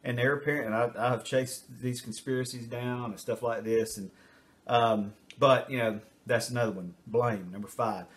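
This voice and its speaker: A man's voice: medium pitch, fairly even intonation, moderate pace. An older man, a retired teacher and school administrator, giving casual advice in a rambling way with many fillers as he works through numbered points. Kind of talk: casual advice talk to camera.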